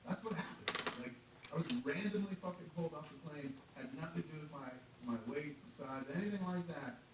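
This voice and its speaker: A man's voice: fairly high pitch, brisk, distant mic, very noisy. A man telling a story on a podcast, swearing a lot and acting out the voices of the people in it. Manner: profane, animated, acts out every voice in the story. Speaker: podcast guest. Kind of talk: casual storytelling. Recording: roomy echo from off-mic.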